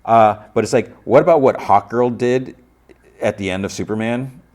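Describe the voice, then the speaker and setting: A podcast host recapping a show scene in a loose, rambling way, full of "like" and restarts. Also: male voice, mid-range voice, moderate pace, a little mellow.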